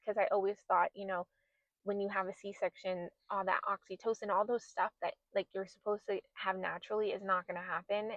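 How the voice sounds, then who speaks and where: In dull-sounding audio with no echo, a podcast host in her thirties speaks in a mid-range voice. Candid and emotional, she shares a personal story and replays her own past words.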